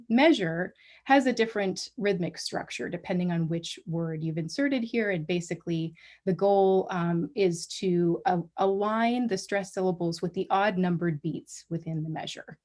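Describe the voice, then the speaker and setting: A woman giving an academic colloquium talk over a video call, measured and full of small restarts. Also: fairly low pitch, a little mellow. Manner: measured, many ums and restarts. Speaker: guest lecturer.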